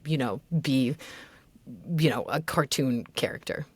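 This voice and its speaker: A woman's voice: very deep voice, a little slow, slightly rough, no room sound. A woman mentoring a voice actor, giving casual feedback in a chatty, loose way with many filler words. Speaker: voice acting mentor.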